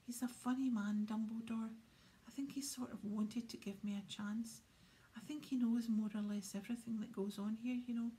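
A woman's voice: on the high side, steady tone, moderate pace, mellow, close to an everyday voice. A woman voicing an earnest, brave eleven-year-old boy wizard with thoughtful speech in a storybook reading.

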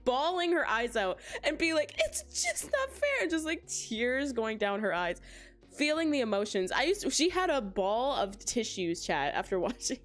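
Giggly high-voiced woman streamer. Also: big pitch swings, normal speed, faint music behind. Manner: giggly, talks straight to chat. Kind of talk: casual live-stream chat.

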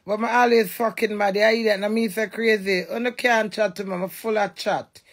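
A woman's voice: mid-range voice, steady tone, moderate pace. A woman with a Jamaican accent, ranting and cussing defiantly in a monologue to camera. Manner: loud, cussing, defiant rant. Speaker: vlogger.

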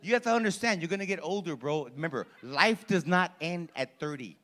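Loud, profane comedian in his forties. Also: on the high side, animated, fairly quick. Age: 40s. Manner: profane, loud, teasing the audience. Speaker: stand-up comedian. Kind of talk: crowd work stand-up. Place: comedy club stage.

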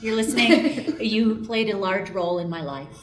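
Animated woman storyteller, echoey room. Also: medium pitch, normal speed. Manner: animated, laughing, acts out voices in anecdotes. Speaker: voice actress guest. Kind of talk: casual storytelling interview. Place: convention interview room.

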